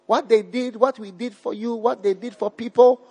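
High-voiced husky man preaching in a hall. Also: steady tone, moderate pace, dark tone. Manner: emphatic, repeats phrases, asks the crowd questions. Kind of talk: live sermon. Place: church hall with a live congregation. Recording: long hall reverb.

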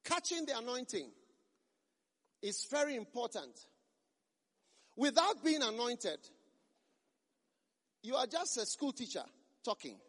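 A male pastor with a high, husky voice delivers an emphatic sermon, hammering lines home by repeating them. His voice rings out with a long reverb, as if in a large church hall. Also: big pitch swings, measured pace, long pauses, fairly bright tone. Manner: emphatic, repeats phrases for force.

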